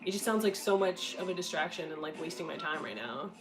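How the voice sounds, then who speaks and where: A woman's voice: fairly low pitch, animated, quick pace, music in the background, poor audio. A woman in her twenties chatting casually and candidly, blunt and profane, laughing often. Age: 20s. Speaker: content creator answering questions.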